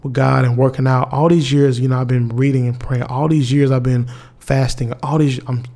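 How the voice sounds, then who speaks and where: A young man with a drawl talks straight to his viewers, loose and candid. He rambles and restarts often and mixes in slang, with a medium pitch that sits in the middle of the male range. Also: level tone, normal speed, warm tone. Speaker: vlogger. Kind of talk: casual heartfelt monologue to viewers.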